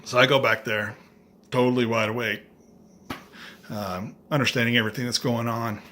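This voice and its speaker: A middle-aged man vlogging, telling a story in a casual, animated way with dry, self-mocking humor and acting out other people's lines. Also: medium pitch, normal speed, slight background noise.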